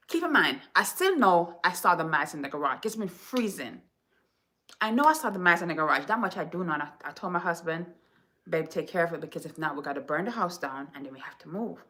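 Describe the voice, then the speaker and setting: A woman from Jamaica, a home decor vlogger, telling stories to her viewers in an animated, chatty, dramatic way. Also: fairly low pitch. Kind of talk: casual storytelling to viewers.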